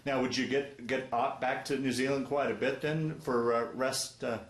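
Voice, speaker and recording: A man's voice: mid-range voice, fairly even intonation, normal speed. Encouraging male interviewer, echoey room. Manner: encouraging, with frequent affirmations. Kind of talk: oral history interview.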